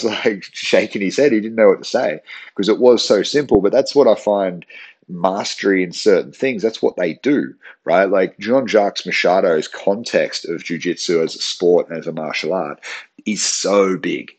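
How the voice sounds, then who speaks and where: A man's voice: low-pitched, moderate pace. A man hosting a podcast as a strength coach and gym owner, talking earnestly in casual solo chat, restarting phrases and checking in with "right?".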